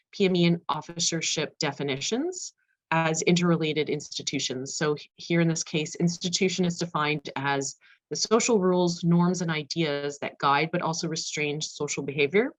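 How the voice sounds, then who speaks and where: Woman panelist, low-pitched, presenting research at a brisk clip with filler words. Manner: fast-paced, self-aware of speed, frequent fillers. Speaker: conference panelist. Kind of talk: academic presentation.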